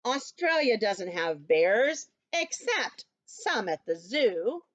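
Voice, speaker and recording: A woman's voice: mid-range voice, big pitch swings, slow, dry recording, lo-fi sound. A woman voicing a grumpy male koala who is fed up with being called a bear, reading it aloud from a storybook in an indignant, complaining way.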